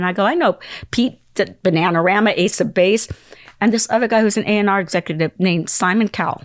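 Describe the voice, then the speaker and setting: A woman's voice: mid-range voice, brisk, no echo, clean studio sound. A middle-aged woman telling a long story as an interview guest, acting out the people in it and sometimes dropping to a whisper. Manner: acts out quoted voices and phone calls, dropping into whispers. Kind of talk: animated storytelling.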